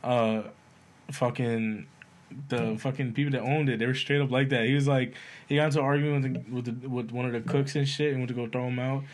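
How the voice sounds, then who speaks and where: A man's voice: medium pitch, little pitch movement, brisk. A young man telling a rambling story in casual chat, swearing and full of slang.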